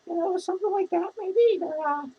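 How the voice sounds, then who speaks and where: A woman's voice: very high-pitched, moderate pace, muffled recording. Woman playing a drunk, lonely clown lady. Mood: drunk rambling. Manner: rambling, profane, giggly. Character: drunk, lonely, foul-mouthed female clown. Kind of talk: rambling character vlog.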